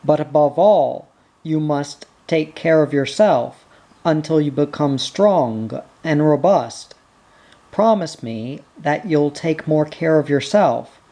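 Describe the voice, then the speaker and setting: A reader voicing a young noblewoman who speaks in a gentle, coaxing and caring way. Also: low voice, lively intonation, takes it slowly, heavily acted.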